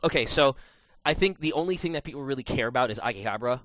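A man hosting a podcast, telling an animated story in casual chat, with many restarts and fillers. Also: mid-range voice, quick pace, no echo. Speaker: podcast host.

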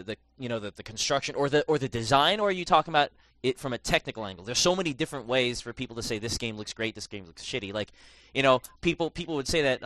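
A man co-hosting a podcast in casual chat, given to teasing jokes and quick interjections. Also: medium pitch, fairly bright tone, no room sound. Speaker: podcast co-host.

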